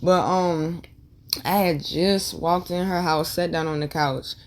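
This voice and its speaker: A woman's voice: fairly low pitch, fairly even intonation, takes it slowly. A young woman vlogger telling a painful personal story candidly, with slang and swearing, and repeating lines for emphasis. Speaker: tarot and numerology vlogger.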